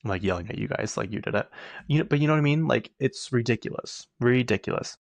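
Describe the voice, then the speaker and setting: A man hosting his own podcast, talking casually in a chatty, animated way and laughing often. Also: mid-range voice, fast talker, creaky, no room sound. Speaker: podcast host. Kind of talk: casual solo chat.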